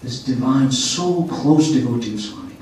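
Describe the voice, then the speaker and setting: Male speaker, mellow tone, storytelling talk with rhetorical check-ins; distant room mic, faint room noise. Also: medium pitch, normal speed. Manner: checks in with listeners. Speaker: speaker at a spiritual center. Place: meeting hall of a spiritual center. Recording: echoey hall, voice from far off.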